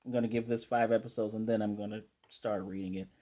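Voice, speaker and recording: Mellow-voiced man recapping an anime. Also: fairly low pitch, level tone. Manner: retells scenes with quick quoted character lines; chatty, with fillers and throat clearing. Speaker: anime reviewer. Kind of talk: casual episode recap and review.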